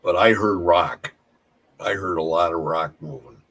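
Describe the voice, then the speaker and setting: A man's voice: deep voice, a little slow, a bit bright, low-quality recording. A man telling paranormal stories in a casual chat, rambling and restarting his sentences often. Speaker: paranormal investigator.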